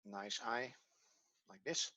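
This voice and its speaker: A man's voice: lowish voice, slow pace, bright, forceful tone. A man with a Dutch accent, a native Dutch speaker teaching a language lesson in English, patiently repeating key words as he explains. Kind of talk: classroom lesson.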